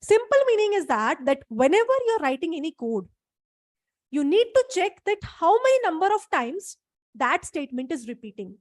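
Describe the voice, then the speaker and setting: A woman's voice: extremely high pitch, very animated, normal speed, dry recording, clean studio sound. A woman instructor giving a live online class, explaining step by step and checking in with her students.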